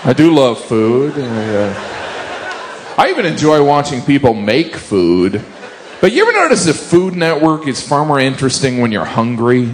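A man working through a self-deprecating stand-up set, voice sitting at an ordinary middle pitch. He keeps slipping into little quoted voices. The recording is noisy underneath. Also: sing-song, normal speed. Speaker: stand-up comedian. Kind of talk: stand-up routine.

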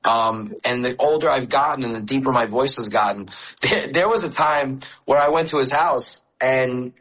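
A man chatting as a guest comic in an interview. His pitch sits in the middle. He laughs easily and stumbles over repeated words as the stories pour out. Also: normal speed, fairly bright tone, rough recording. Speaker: comedian guest. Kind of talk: casual interview chat.

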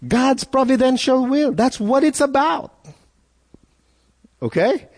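A male pastor preaching a sermon, animated, with repeated phrases and rhetorical questions. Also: very high voice, takes it slowly, husky, big-room sound.

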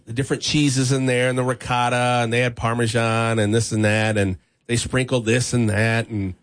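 A man's voice: medium pitch, normal speed. Guy rambling thru a story on a talk show, lots of likes and you knows. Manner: rambling, animated storyteller with many fillers. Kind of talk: casual storytelling chat.

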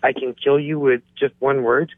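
A man's voice: mid-range voice, little pitch movement, moderate pace, dry recording, natural voice. Satan, a taunting male devil in a told joke, put on by a man calling in. He presses his questions in a plain voice. The sound is dry and thin, as over a phone line. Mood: menacing.

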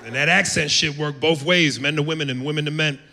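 A man's voice: fairly high pitch, fairly even intonation, a little fast, creaky, a loud crowd. An American man doing stand-up on a club stage, telling brash, profane stories with lots of animation. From United States. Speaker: stand-up comedian. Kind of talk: stand-up routine. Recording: live club mic with long reverb and noise. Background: audience laughter.

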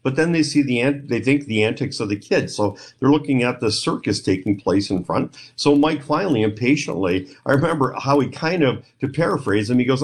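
A man's voice: mid-range voice, fairly quick, few pauses. A middle-aged man telling a rambling story in an interview, acting out the voices of the people in it. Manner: rambling, animated retelling with quoted voices. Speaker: guest, paranormal investigator.

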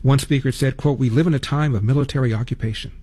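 Older male talk host, wry and sarcastic, middle pitch, casual monologue pace. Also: fast talker, dark tone, husky. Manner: sarcastic, rhetorical questions.

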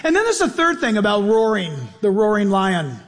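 A pastor preaching a sermon in an animated way, acting out voices and laughing as he goes. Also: high voice, moderate pace, in a large hall, faint music behind. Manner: animated, acts out voices and laughs mid-sentence.

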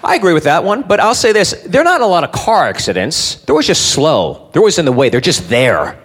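A man's voice: high-pitched, big pitch swings, fast talker, breathy edge. A man doing a brash, mocking stand-up routine and addressing the audience directly. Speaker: stand-up comedian. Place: comedy club. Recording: live club with loud crowd and noise.

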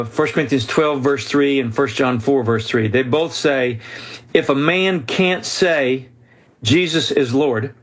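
Animated man telling a story. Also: on the high side. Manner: animated storyteller who voices quoted people. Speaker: guest author. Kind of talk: storytelling in a podcast interview.

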